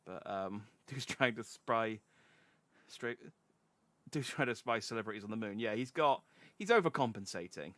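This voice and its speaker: A man's voice: fairly low pitch, animated, moderate pace, fairly bright tone, no room sound. A young man chatting casually and joking while playing a game on a stream. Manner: chatty, jokey. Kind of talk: casual gameplay commentary.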